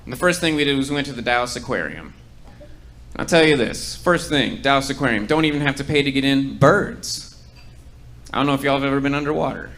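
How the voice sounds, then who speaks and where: Bright-voiced young male stand-up comic. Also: medium pitch, brisk. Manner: dry deadpan setups with ironic punchlines. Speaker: stand-up comedian. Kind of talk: stand-up set. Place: comedy club stage.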